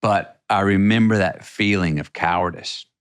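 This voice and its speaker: A man's voice: low-pitched, normal speed, clean tone. A middle-aged man from Texas, a podcast guest telling a personal story in a rambling, vivid way with many restarts.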